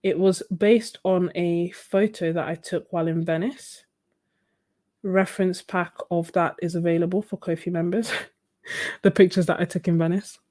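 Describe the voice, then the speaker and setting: Via a phone at her home desk, an art livestreamer paints and chats in a fairly low, mellow voice that keeps a steady tone at normal speed. She rambles casually, often restarting sentences, using lots of fillers, and laughing often.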